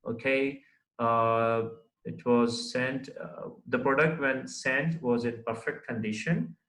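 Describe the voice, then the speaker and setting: A man's voice: medium pitch, fairly even intonation, slow pace, a bit bright, roomy sound, rough recording. A man teaching a lesson on formal letter writing, explaining step by step, with many fillers and frequent checks of "right?". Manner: writes on the board while talking. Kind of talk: recorded classroom lecture.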